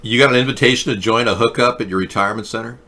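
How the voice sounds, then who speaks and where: A middle-aged man hosting a talk show, delivering a rambling, mock-earnest monologue with a deadpan touch. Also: mid-range voice, rapid-fire.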